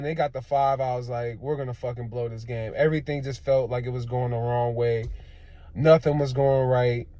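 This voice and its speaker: A man ranting casually and profanely about his team's loss, swinging between low groans and loud outbursts. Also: no echo. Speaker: sports fan vlogger. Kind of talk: casual rant.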